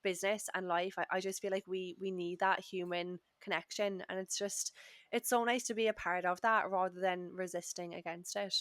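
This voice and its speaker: A woman's voice: lowish voice, fairly even intonation, normal speed, a bit bright, dry recording. A woman mindset coach and podcast guest, speaking in an upbeat, encouraging way. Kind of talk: casual podcast chat.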